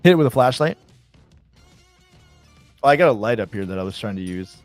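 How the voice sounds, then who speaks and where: Male stream host, excitable and casual, dry sound, soft music under. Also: fairly low pitch, a little fast, no echo. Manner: excited, chatty, reads chat aloud. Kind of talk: casual live stream chat.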